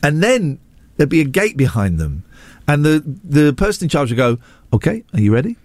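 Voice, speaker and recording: A man talks on his radio show, and his pitch swings up and down as he rambles. He keeps cutting in on himself with jokes at his own expense. His voice sounds close to the mic in a dry, dead room. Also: sing-song, normal speed, no echo. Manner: rambling, self-deprecating, jumps between asides. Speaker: radio host. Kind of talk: casual on-air chat. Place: radio studio.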